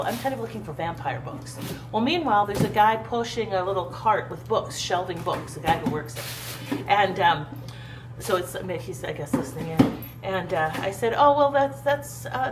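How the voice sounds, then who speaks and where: A woman's voice: medium pitch, a little fast, over music, poor audio. A woman vlogging at home in a casual, rambling storytelling style, with lots of fillers and restarts. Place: at home, indoors.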